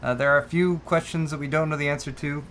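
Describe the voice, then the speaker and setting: Co-host, male, slightly higher voice, relaxed and chatty with lots of laughs. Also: fast talker, slight background noise. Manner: easygoing, laughs often, stumbles over words. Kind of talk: casual chat, livestream.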